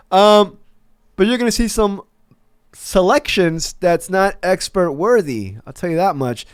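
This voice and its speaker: Male fan commentator, slightly high pitch, casual and profane, dry recording. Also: smooth, dry recording. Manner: rambling, stammering restarts, profane asides.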